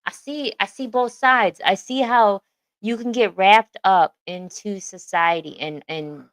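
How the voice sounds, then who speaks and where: Woman cohost talking in quick emphatic bursts, keeps repeating herself, mid voice, dry close mic. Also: mid-range voice, fairly bright tone, dry recording, rough recording. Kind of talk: casual chat.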